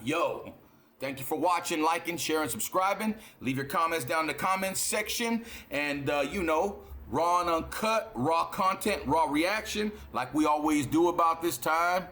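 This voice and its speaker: A fired-up man talking straight to his viewers with a bright, forceful edge and a slightly raised pitch. He swears freely and hammers his points home, repeating words for emphasis, in a casual reaction-video monologue. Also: normal speed. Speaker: reaction channel host.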